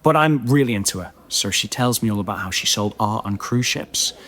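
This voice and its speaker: A man telling a comic story on a podcast, animated and self-mocking, with many chatty asides. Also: on the low side, a little fast.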